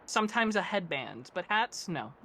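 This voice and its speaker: A woman's voice: on the low side, sing-song, normal speed, pushed and bright. A woman guest on an art stream, chatting in a light, self-amused way. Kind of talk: casual chat.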